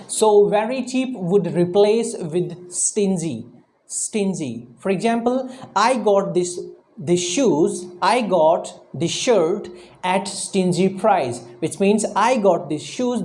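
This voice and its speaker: Mellow-voiced woman teaching words. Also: lowish voice. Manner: repeats key words slowly, often asks "all right?". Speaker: English teacher. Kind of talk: vocabulary lesson to camera.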